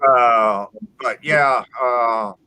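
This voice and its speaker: Male host, bright tense tone, rambling profane chat, lots of false starts. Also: medium pitch, smooth, no room sound, poor audio. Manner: profane, rambling, halting restarts. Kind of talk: casual group chat.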